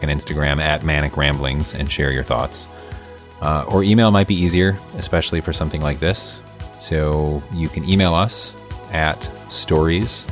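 A man co-hosting a podcast, chatting in an easygoing, agreeable way and laughing along. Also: very deep voice. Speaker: podcast co-host. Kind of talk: casual podcast chat.

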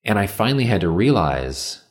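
A man's voice: lowish voice, sing-song, fairly quick. A man hosting a casual conversation, telling reflective, easygoing stories.

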